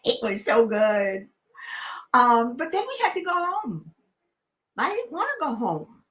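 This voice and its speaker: A woman's voice: a little high, very animated, slow, pauses often, a bit bright. A middle-aged woman hosting a casual live stream, chatting in a rambling way with many fillers and restarts. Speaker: crafting channel host.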